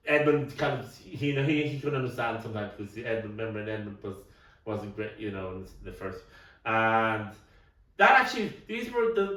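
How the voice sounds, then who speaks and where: A middle-aged man rambles through a casual podcast chat, tripping over repeated words and coughing at times. His voice is of middling pitch and sounds set back from the mic. The room around him is noticeably echoey. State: coughing now and then. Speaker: podcast co-host. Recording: roomy, distant mic.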